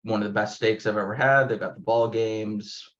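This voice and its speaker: Man from canada, guest speaker, lowish voice, muffled lo-fi call audio. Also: fairly even intonation, moderate pace, fairly bright tone. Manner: easygoing, hesitant fillers. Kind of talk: casual conversation.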